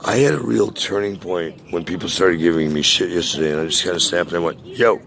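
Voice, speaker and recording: A man's voice: low-pitched, quick pace, creaky, a bit bright. A man in his sixties ranting casually to a friend, profane and boastful, rambling with many hesitations. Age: 60s.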